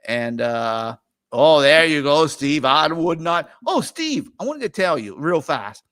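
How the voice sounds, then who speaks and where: A middle-aged man chats casually and rambles through his stream, laughing now and then. His voice sits a bit high for a man. The sound is dry and close, with no room around it. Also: very animated, takes it slowly, fairly bright tone, no echo. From New Orleans area. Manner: rambling, chatty, laughs often. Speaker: host. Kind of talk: casual livestream chat.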